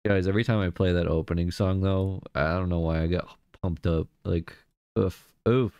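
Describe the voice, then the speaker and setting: Chatty low-voiced male streamer. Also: level tone, fairly quick, clear, resonant tone, dry recording, highs cut off. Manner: chatty, greets viewers by name, laughs easily. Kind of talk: casual live-stream chat.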